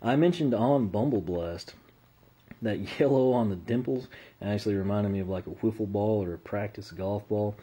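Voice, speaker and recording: A man with an American accent, reviewing a toy in casual unboxing commentary, relaxed and rambling, and losing his voice. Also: lowish voice, moderate pace, breathy edge. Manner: relaxed and rambling, with frequent uh fillers.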